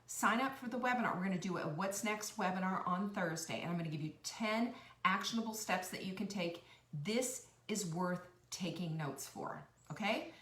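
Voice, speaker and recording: A woman's voice: mid-range voice, fairly bright tone, distant mic. A middle-aged woman, a nutritionist hosting a live stream, talking to her viewers in a chatty, effusive and heartfelt way, rambling and restarting her sentences. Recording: roomy sound, speaker away from the mic.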